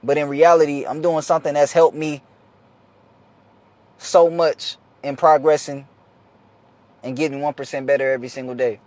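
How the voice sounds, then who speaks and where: A man's voice: on the high side, little pitch movement, moderate pace, long pauses, darkish tone, dry recording. A young man talking casually to the camera, giving an earnest, slangy, repetitive motivational talk as a vlogger.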